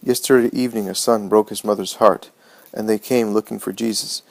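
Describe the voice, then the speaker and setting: A man voicing a grave, gentle mother who reproaches a young man slowly and seriously in a low voice, in an audiobook reading. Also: fairly even intonation, creaky, no room sound, low-quality recording. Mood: kind.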